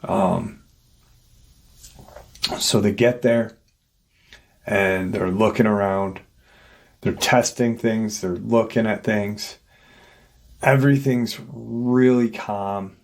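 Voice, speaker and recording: Speaking slowly in a lowish, gravelly voice with a steady tone, a channel host rambles casually through the story of an eerie encounter. He acts out each voice he quotes.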